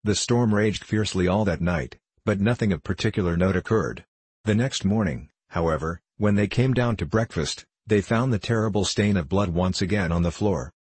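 Deep, husky male storyteller. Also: darkish tone, no echo. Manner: measured storytelling. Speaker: audiobook narrator. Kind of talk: scripted narration.

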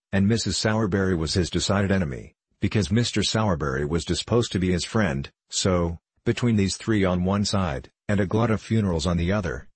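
A man reads a classic novel aloud with a very low, husky voice. His delivery is measured and formal, and the recording is close and dry. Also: no room sound. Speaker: narrator. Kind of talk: audiobook narration of a classic novel.

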